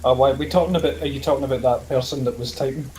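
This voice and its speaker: A man's voice: mid-range voice, steady tone, racing, darkish tone, slight background noise, poor audio. A man chatting casually in a bemused tone about his own videos. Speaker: streamer. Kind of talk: casual chat.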